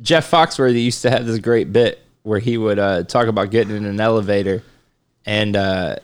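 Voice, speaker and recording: A man co-hosting a comedy podcast, telling stories in a rambling, deadpan way. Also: lowish voice, moderate pace, clean tone. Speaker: podcast co-host. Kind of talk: casual comedic chat.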